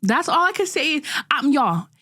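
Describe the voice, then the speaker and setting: A woman's voice: high-pitched, very animated, a little slow, bright, forceful tone, no echo, clean studio sound. A young woman in her twenties hosting a podcast, talking through a candid, self-critical monologue in casual slang with frequent restarts. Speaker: podcast host.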